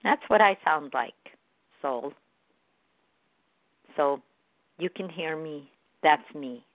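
A woman hosting a morning show, talking in a gentle, encouraging way about dreams and self-love with repeated soothing phrases. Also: deep voice, lively intonation, slow, dry recording. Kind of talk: spiritual self-help talk. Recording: phone-like narrow sound.

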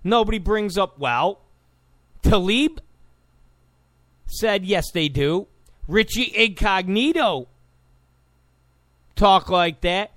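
A man's voice: high-pitched, animated, very slow, pauses often, fairly bright tone, no room sound. A man delivering a combative, sarcastic political monologue, repeating points for emphasis. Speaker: political commentator. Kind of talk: opinionated monologue.

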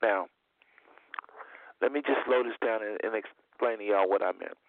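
A man's voice: on the low side, moderate pace. A man hosting a talk radio show, preaching earnestly and repeating himself for emphasis. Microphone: phone call-in line. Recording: dry phone-line sound.

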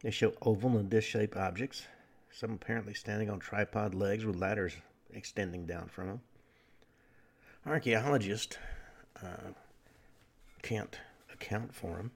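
A man hosting a talk radio show, delivering a lecturing monologue with frequent pauses and fillers. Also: fairly low pitch, gravelly, husky.

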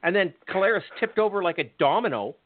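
High-voiced man ranting angrily. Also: expressive, quick pace, no echo. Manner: angry, profane, sarcastic ranting. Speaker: podcast host. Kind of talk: ranting sports talk. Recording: tinny phone-like audio.

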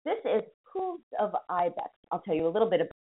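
A woman's voice: lowish voice, very animated, quick pace. A woman with a Boston accent hosting a music radio show, chatting casually, joking at herself and spelling out names. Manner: chatty, self-mocking, spells names aloud. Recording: tinny phone-like sound.

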